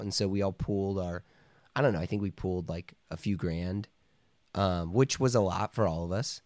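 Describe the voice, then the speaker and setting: Deep-voiced man telling a rambling story. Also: moderate pace, darkish tone, dry recording. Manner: rambling, full of "like" and "you know", acts out quoted voices. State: coughing now and then. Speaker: podcast guest. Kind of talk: casual storytelling.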